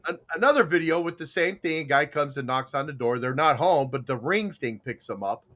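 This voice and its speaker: A man holds forth on a casual talk panel, retelling everyday stories. His voice is bright and swings widely in pitch. He slips into the voices of the people in his tales as he goes. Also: brisk. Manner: animated storyteller, acts out both sides of quoted exchanges. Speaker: panel host.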